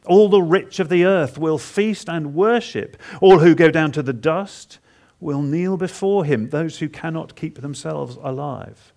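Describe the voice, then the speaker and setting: A man preaching in a higher-than-usual register with a gravelly edge to his voice. He retells scripture dramatically in the first person. His delivery is halting, and he repeats words for emphasis. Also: a little mellow. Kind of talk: expository sermon.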